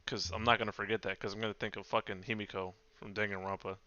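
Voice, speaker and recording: A man's voice: fairly low pitch, level tone, quick pace, pushed and bright, no room sound, lo-fi sound, faint music behind. A man hosting a casual gaming rant chat, joking, swearing and stammering through restarts. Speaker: podcast host.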